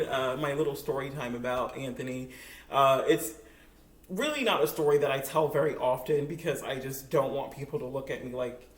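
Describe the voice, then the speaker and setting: Chatty young woman in an echoey kitchen. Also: a bass voice. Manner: chatty and giggly, full of likes and ums. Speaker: cooking vlogger. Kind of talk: casual storytime while cooking. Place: home kitchen. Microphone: camera on a makeshift tripod.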